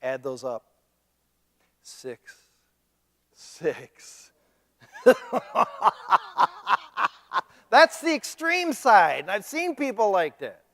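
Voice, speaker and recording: Joking preacher in an echoing church. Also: male voice, high voice, normal speed, hardly any pauses. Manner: animated, joking, mimics other people. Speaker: pastor. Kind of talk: sermon. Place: church sanctuary. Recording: long reverb of a church hall.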